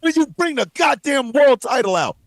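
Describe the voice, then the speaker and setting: Angry profane man ranting, high lively voice. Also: normal speed, gravelly, no room sound. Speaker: co-host. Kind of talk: heated livestream rant.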